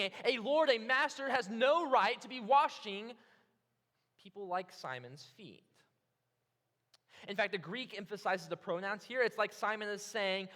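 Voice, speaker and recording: Bright-voiced animated male preacher in hall. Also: high-pitched. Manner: animated storytelling, acts out the disciples' reactions. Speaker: pastor. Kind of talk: sermon.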